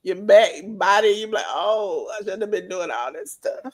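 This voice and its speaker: A woman's voice: mid-range voice, animated, moderate pace. A woman, a guest in a casual chat, telling stories animatedly and acting out the voices she quotes.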